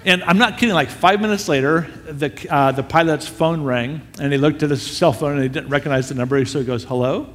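A man telling a story with animation, quickly acting out the back-and-forth dialogue. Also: a little high, a bit bright. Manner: acts out dialogue in quick quoted exchanges. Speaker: storyteller speaking to an audience. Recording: long reverb of a large hall.

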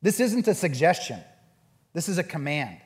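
A man preaching a sermon and leading a group discussion, acting out quoted voices in an animated way. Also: on the high side, normal speed, long reverb tail. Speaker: pastor.

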